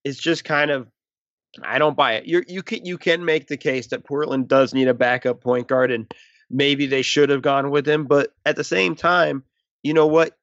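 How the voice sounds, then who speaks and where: A man's voice: medium pitch, steady tone, moderate pace, a bit bright, no room sound, muffled recording. A man co-hosting a casual sports podcast, rambling and restarting his sentences as he talks. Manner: rambling, restarts often, self-aware about stuttering. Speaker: podcast co-host.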